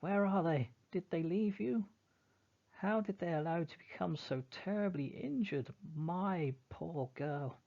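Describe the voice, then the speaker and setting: Storybook figure: a vengeful, shrieking father, read by a man, loud and gravelly. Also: unhurried, highs cut off. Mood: furious. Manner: shrill, snarling. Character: enraged stern father, shrill and vengeful.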